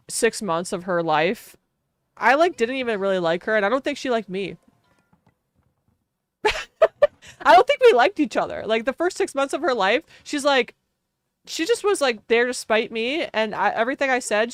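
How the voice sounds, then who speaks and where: A woman's voice: on the high side, a bit bright, smooth, no echo. A woman streamer telling a long casual story while gaming, chatty and full of fillers, laughing often.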